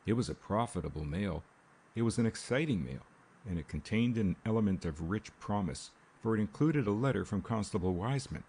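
A man narrating an audiobook in a measured, steady way. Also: lowish voice, breathy edge. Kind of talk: scripted narration.

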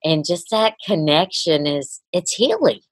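A woman's voice: sits low, big pitch swings, a little slow. A woman podcast host chatting casually, affirming and reflecting on what her guest says. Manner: warm, affirming, many soft backchannels. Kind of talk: casual chat.

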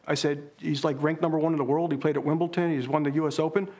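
A man from Maryland telling animated family anecdotes in a documentary interview, often mimicking his father's lines. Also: on the high side, fast talker. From Maryland, USA. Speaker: interviewee, son of the subject.

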